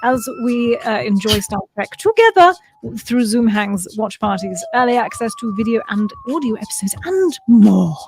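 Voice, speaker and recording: Woman, podcast co-host, a touch high, chatty and wry. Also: lively intonation, moderate pace, few pauses, a little hiss or hum. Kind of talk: casual chat, reading news items.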